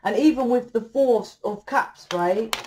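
A woman's voice: a little high, a little slow, dark tone, a little hiss or hum. A woman giving a casual tarot reading to camera. She talks bluntly, swears freely and keeps tagging her points with "right?". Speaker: tarot reader.

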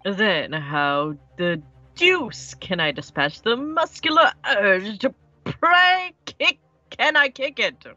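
A woman's voice: mid-range voice, very animated, slow pace, pushed and bright, no echo, muffled recording, exaggerated voice. A woman voicing a brash, boastful male detective with a theatrical, grandiose manner in a voiced game playthrough. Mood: indignant.

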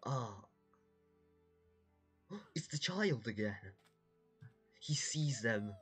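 Gasping, jumpy reaction host with a wildly swinging voice and a breathy edge; faint music in the background. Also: medium pitch, extremely slow. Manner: excitable, gasping, repeating words in panic. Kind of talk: reacting to animations.

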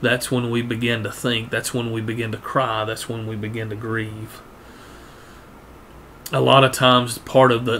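A man preaching a sermon, earnest, often repeating words and rising in pitch to press a point. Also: bright, forceful tone, a little hiss or hum.

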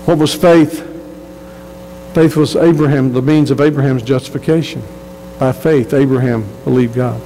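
A man's voice: mid-range voice, steady tone, moderate pace, mellow, big-room sound, a little hiss or hum, poor audio. A man preaching a sermon as pastor, earnest and emphatic, often repeating words as he restarts a phrase.

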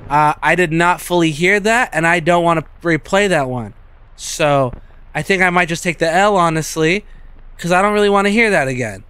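A young man streaming a game, joking and cursing, reacting with sudden loud outbursts. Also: a little high, normal speed, smooth, no echo. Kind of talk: gameplay commentary.

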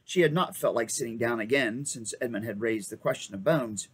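A man reading a children's novel aloud in an expressive, animated way. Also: medium pitch, brisk, husky, rough recording. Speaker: reader. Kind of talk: storybook read-aloud.

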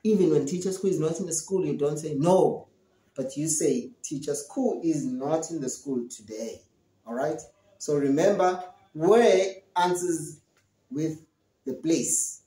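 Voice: medium pitch, animated, measured pace, warm tone, faint music behind. A teacher giving a lesson to young learners, explaining step by step and acting out questions and answers in an encouraging way. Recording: roomy echo.

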